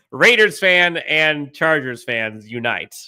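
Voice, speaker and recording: A man's voice: fairly high pitch, very animated, slow, pushed and bright, dry recording. A man co-hosting a sports podcast, joking around and reading viewer comments from the live chat. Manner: jokey, reads out live chat. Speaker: podcast co-host.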